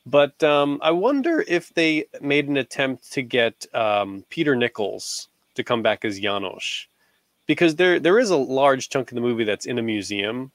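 A man's voice: mid-range voice, expressive, moderate pace, no echo. A man in his thirties, a father, chatting casually as a podcast co-host and rambling through stories with many fillers. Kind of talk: casual chat.

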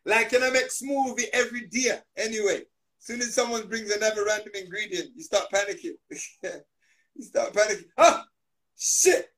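A man holds forth in a playful interview, his voice sitting a bit high for a man. He jokes, laughs often and piles on slang, swinging from loud to hushed as he riffs. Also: normal speed, rough recording. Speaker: guest. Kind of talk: playful casual interview chat.

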